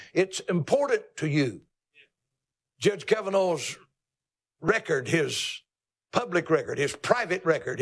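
Male preacher, gravelly voice, slightly high, folksy and dramatic sermon.

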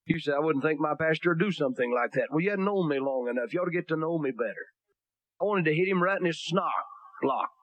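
A male preacher with a high-pitched voice, delivering a blunt, folksy sermon full of homespun jokes. He reads King James scripture aloud between his asides. The sound is close and dry, with almost no room echo. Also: lively intonation, fast, a bit bright. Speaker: pastor.

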